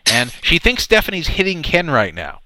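A man with a bright, forward voice hosts a radio talk show, spinning a rambling anecdote and stumbling over repeated words. The sound is close and dry with almost no room. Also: on the high side, huge pitch swings, moderate pace, dry recording. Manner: rambling, repeats words, laughs at his own story. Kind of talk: casual storytelling chat.

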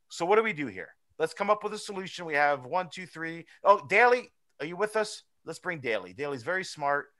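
Hosting a loose podcast conversation, a man with a high, bright voice talks in an animated, rambling way. He swears freely while arguing his point in this casual chat.

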